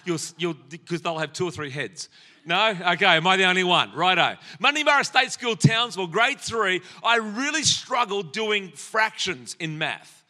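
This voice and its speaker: Bright high-voiced Australian preacher, older man. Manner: storytelling with humor, addressing the congregation. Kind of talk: sermon.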